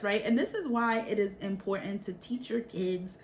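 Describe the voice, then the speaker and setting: A woman's voice: mid-range voice, normal speed, hardly any pauses, slight background noise. A woman in her thirties from Brooklyn, chatting animatedly through a storytime while doing her makeup and often adding "right?". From Brooklyn, New York. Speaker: vlogger.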